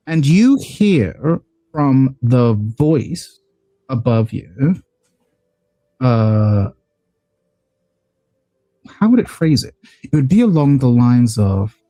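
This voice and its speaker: A man narrating as game master of an online tabletop game, pausing often with ums and restarts. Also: mid-range voice, dark tone, no room sound. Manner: halting, with many ums and restarts.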